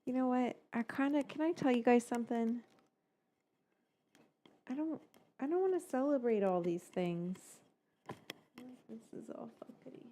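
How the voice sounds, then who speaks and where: A woman hosting a live cooking stream, rambling in casual chat, swearing now and then and muttering quiet asides. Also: a little high, lively intonation, a little slow, long pauses. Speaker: cooking show host.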